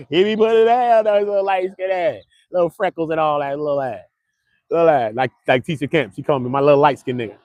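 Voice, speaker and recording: Boisterous man, high-ish voice. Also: quick pace, darkish tone, no echo. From Brooklyn, New York. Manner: boisterous, slangy storytelling with frequent laughs. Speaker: livestream host. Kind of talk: casual live-stream chat. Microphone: clip-on mic.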